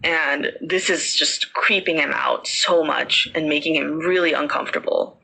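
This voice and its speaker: A woman's voice: low-pitched, measured pace, gravelly, sharp tone, slight background noise, poor audio. A woman podcast host casually telling a ghost story, chatty with many fillers.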